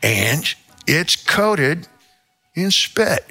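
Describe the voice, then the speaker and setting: Drawing out his words, an older man from the American Midwest hosts a show with a theatrical, rambling comedic rant full of sudden asides. His fairly high voice is very animated and sharp.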